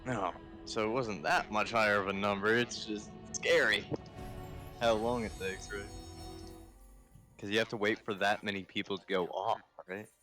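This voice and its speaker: A man with a low voice chats casually with a friend, asking questions and laughing often. Faint music plays in the background. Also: fairly even intonation, normal speed, sharp tone. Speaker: friend on voice chat. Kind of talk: casual chat.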